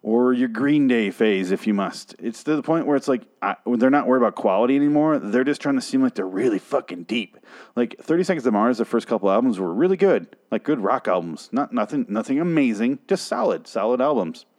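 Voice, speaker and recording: A man's voice: mid-range voice, lively intonation, brisk, darkish tone. A man recapping a TV episode in a rambling, sarcastic, heavily profane comedic style. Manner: rambling, sarcastic, swears a lot. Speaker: podcast host recapping a TV episode.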